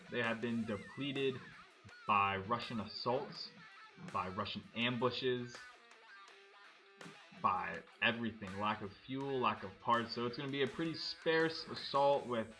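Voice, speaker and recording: Male let's-play commentator, crisp bright tone, loose and chatty. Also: mid-range voice. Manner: chatty, thinking aloud, excited at explosions. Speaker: gameplay commentator.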